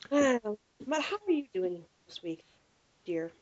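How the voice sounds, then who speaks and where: Lady podcast host telling shop stories, lively, kinda muffled sound. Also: high-pitched, slow, long pauses. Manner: animated storyteller acting out quotes. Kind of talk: casual chat, anecdote telling.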